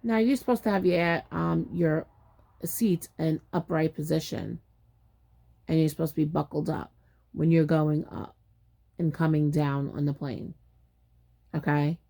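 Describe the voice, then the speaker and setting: A woman's voice: low voice, vocal fry, warm tone. A woman casually telling a personal story in a chatty, exasperated way, acting out what people said. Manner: chatty, exasperated retelling with acted-out quotes.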